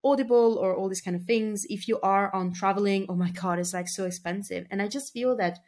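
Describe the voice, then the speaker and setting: A woman's voice: mid-range voice, a little fast, a little mellow. A woman speaking as a marketing guest on a podcast, talking in a chatty, filler-heavy casual way and laughing easily. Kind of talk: casual interview talk.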